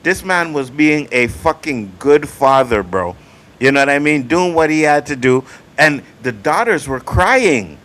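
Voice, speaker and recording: A man's voice: fairly high pitch, expressive, a little slow, fairly bright tone. A man hosting a casual livestream talk show, telling stories in a profane, emphatic way. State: coughing. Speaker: show host.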